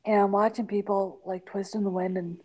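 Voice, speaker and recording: A woman in her forties in casual podcast chat, emphatic with halting restarts. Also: medium pitch, fairly even intonation, darkish tone, low-quality recording. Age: 40s.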